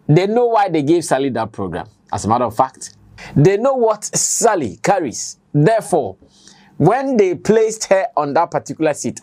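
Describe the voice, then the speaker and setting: A man's voice: medium pitch, darkish tone. A Ghanaian man hosting his own online show, delivering a spoken editorial in an emphatic, conversational way that repeats his points. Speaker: commentator and online show host.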